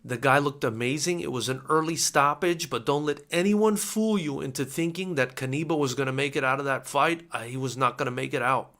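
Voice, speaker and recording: A man hosting a live boxing companion stream, talking excitedly and emotionally, repeating himself as he reacts. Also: medium pitch, a little fast, few pauses. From United States. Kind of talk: live fight companion commentary.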